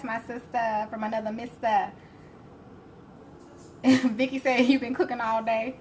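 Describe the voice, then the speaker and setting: A woman's voice: a little high, level tone, a little slow, pauses often, a little mellow, soft background music. Chatty woman hosting a cooking stream. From Alabama, US. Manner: chatty, laughs often, answers viewer comments. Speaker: cooking show host. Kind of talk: live-stream cooking chat. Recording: faint background noise.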